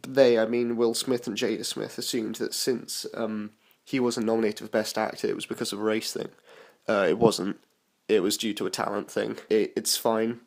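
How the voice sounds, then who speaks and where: A young man from the United Kingdom talks through a film review in a loose, unscripted way. His voice sits a little low, and he rambles, stopping and restarting his sentences often. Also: vocal fry. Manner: rambling, frequent fillers and restarts. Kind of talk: casual spoken film review.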